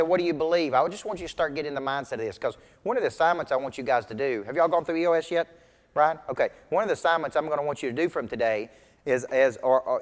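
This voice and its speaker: A man's voice: on the high side, a bit bright. A man working as a business coach, giving a motivational sales training talk to a group at tables, with emphatic, punchy repetition. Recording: reverberant hall sound.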